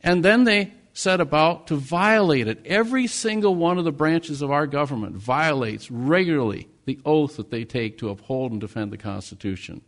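A man's voice: on the high side, expressive, normal speed, hardly any pauses, fairly bright tone. A man from the United States preaching a sermon, earnest, with rising and falling emphasis. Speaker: pastor.

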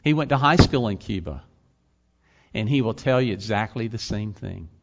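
A man's voice: fairly low pitch, lively intonation, normal speed, vocal fry. Man preaching with rhetorical questions. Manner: rhetorical questions, rising to emphatic peaks. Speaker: pastor and college teacher. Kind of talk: sermon. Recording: slightly dull lo-fi sound.

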